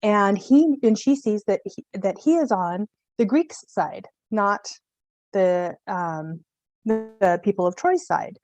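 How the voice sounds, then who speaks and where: Panelist, woman, lively slangy storyteller, dry close sound. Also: mid-range voice, takes it slowly, no room sound. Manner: animated, slangy, jokey retelling with voices. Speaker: mythology panelist. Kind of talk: casual storytelling.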